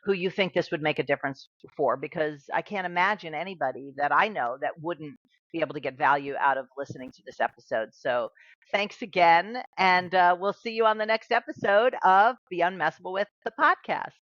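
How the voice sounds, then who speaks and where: A woman's voice: on the low side, brisk, fairly bright tone, no echo, highs cut off. Enthusiastic woman podcast host, dry sound. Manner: enthusiastic, affirming, laughs readily. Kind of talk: casual interview chat.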